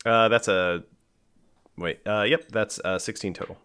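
A man's voice: fairly low pitch, steady tone, a little slow, a bit bright, clear, resonant tone. A man playing a tabletop game, describing his character's moves hesitantly with fillers. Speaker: player. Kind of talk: casual tabletop play.

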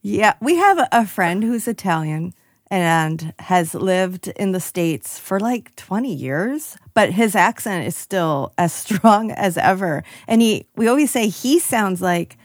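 Female podcast co-host, chatty storyteller, very animated pitch, dry close recording. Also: unhurried, dry recording. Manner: giggly, storytelling, mimics voices. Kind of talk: casual chat.

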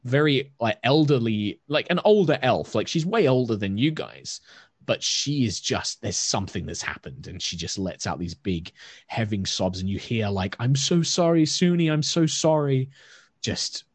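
A man narrates a tabletop game as game master, pausing often and filling gaps with little fillers. His voice is husky. The sound is dry and close. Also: lowish voice, animated, no echo. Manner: halting narration with many fillers.

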